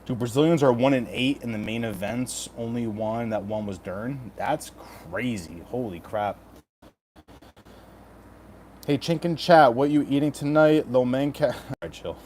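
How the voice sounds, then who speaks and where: A man in his mid-thirties hosts a casual live stream, joking, swearing and reading chat messages aloud. His voice sits at an ordinary middle pitch, with a faint hum of background noise behind him. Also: unhurried, darkish tone. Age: 30s. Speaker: betting picks streamer.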